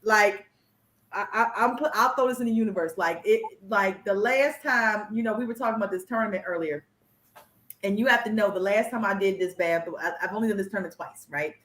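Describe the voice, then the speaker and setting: A woman's voice: medium pitch, a little fast, fairly bright tone. A woman podcast host chatting casually, exuberant and slangy, with lots of emphatic repetition. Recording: echoey room.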